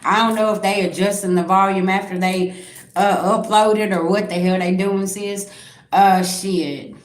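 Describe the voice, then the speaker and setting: A woman holds a casual live-stream reading and talks straight to her viewers. She is blunt and curses freely, and her voice sits at an ordinary pitch. The room around her rings with echo. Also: fairly even intonation, moderate pace. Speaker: psychic reader on a live stream. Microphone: own microphone.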